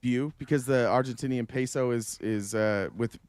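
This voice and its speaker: A man arguing his side in a heated online debate, defensive and quick to push back. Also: mid-range voice, steady tone, a little mellow, clear, resonant tone, dry recording. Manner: quick, defensive, talks over others. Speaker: debater hosting a watch party.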